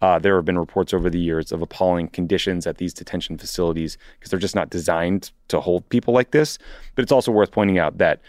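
A man's voice: sits low, fast talker, darkish tone, dry recording, studio quality. A man co-hosting a political podcast, reading out news items and then commenting on them in a casual way. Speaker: podcast co-host.

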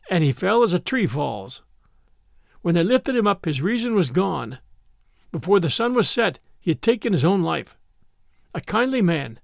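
A man gives a dramatic audiobook reading, his gravelly voice pitched high for a man. The sound is dry and close, with no room around it. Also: dry recording. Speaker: audiobook narrator and podcast host.

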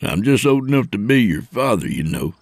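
A man's voice: on the low side, sing-song, brisk, creaky, no room sound, pitched above the performer's own voice, full character voice. A man voicing a wisecracking trucker close to fifty, who teases with sarcasm. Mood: joking. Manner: sarcastic, teasing. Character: wisecracking middle-aged male trucker, nearly fifty.

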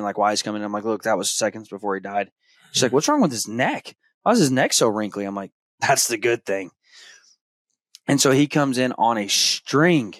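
A man, hosting a podcast and telling a story in a casual way, acting out his young son's excited shouts. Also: lowish voice, no room sound. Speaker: podcast host.

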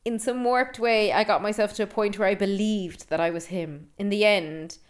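A woman's voice: mid-range voice, steady tone, moderate pace. A woman co-hosting a podcast, chatting and laughing as she reads out bits of a film review. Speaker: podcast co-host. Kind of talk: casual chat reviewing a film.

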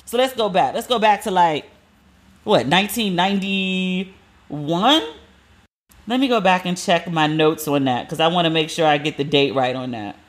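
Woman, 40s, solo podcast host, animated and chatty, acts out quotes. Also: lowish voice, normal speed. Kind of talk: casual solo commentary.

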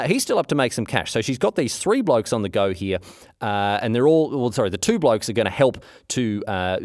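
A man's voice: mid-range voice, darkish tone, dry recording, clean studio sound. A man retelling history as a chatty, slangy story, full of asides and filler words. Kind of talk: casual storytelling.

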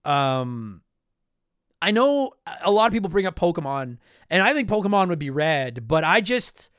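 Casually chatting on his podcast, a man from Canada goes through listener mail, rambling, breaking off mid-sentence and saying sorry. His voice sits high and sounds sing-song and a bit bright at a moderate pace. It's clean, studio-quality audio with no echo.

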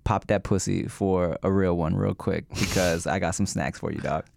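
A man's voice: sits low, steady tone, normal speed, vocal fry, darkish tone, a little hiss or hum. A man co-hosting a podcast, making crude jokes and teasing his partner. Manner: crude, joking reactions. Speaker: podcast co-host. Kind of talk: casual podcast banter.

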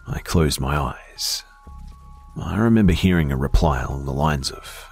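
A man slowly narrating a first-person horror story in a hushed voice that often drops to a whisper. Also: very deep voice, animated, breathy edge, soft background music.

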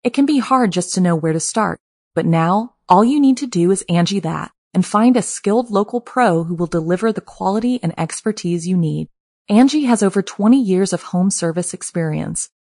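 A woman reading a scripted advertisement as an upbeat promotional pitch. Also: moderate pace, a little mellow, dry recording, studio quality. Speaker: ad reader.

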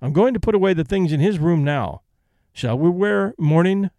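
In a storybook reading, a man voices a reserved, middle-aged female companion who is quiet and restrained. He gives her a slightly high voice, speaking plainly and dutifully yet expressively at a moderate pace. The recording is dry and close, with no echo.

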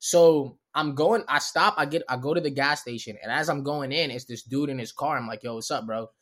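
A man, a comedian guest, telling a story on a podcast in animated, profane street slang. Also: a little high, fairly quick. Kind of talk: storytelling in casual chat.

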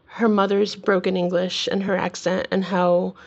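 A woman's voice: on the low side, level tone, normal speed, gravelly, dull audio. A woman who works as a news reporter, talking casually with a lot of hedging. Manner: casual, hedging, lots of like and kind of. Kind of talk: casual podcast chat.

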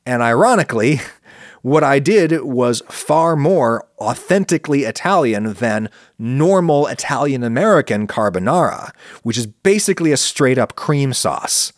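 A man hosting a podcast, making his case to listeners in an animated, argumentative monologue. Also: unhurried, no echo, clean studio sound. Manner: animated, argumentative, swings pitch for emphasis. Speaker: podcast host answering listener questions. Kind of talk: casual spoken monologue.

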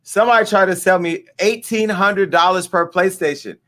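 A man's voice: sits high, moderate pace, hardly any pauses, a bit bright. A middle-aged man hosting a casual commentary show, talking candidly and emotionally straight to his viewers. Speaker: host.

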